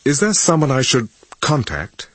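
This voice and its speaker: An earnest, brisk male doctor, as a deep-voiced male narrator plays him. The voice is husky and close, with lively intonation, read in a dry audiobook recording. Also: no room sound.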